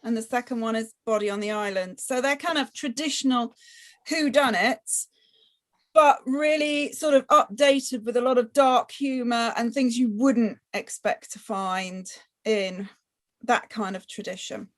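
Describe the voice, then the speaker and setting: A woman's voice: on the high side, a little slow. A woman from Yorkshire talking casually as a guest on an online panel over a video call.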